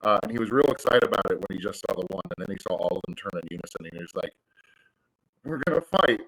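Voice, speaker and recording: A man playing a tabletop game, describing his hero's actions in a rambling, animated way. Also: low voice, racing, vocal fry, low-quality recording. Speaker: player. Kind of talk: casual tabletop game play.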